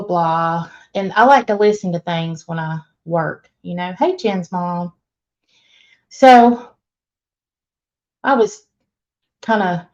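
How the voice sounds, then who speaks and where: A woman's voice: medium pitch, darkish tone. A woman hosting a casual live stream, greeting viewers one by one and laughing often. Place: laundry room. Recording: dull lo-fi stream audio.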